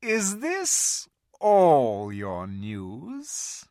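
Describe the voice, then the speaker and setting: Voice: mid-range voice, huge pitch swings, takes it slowly, a bit bright, dry recording, studio quality, pitched above the performer's own voice, heavily acted. A reader doing a cruel, imperious witch queen. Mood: cold fury. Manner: commanding, terrible voice.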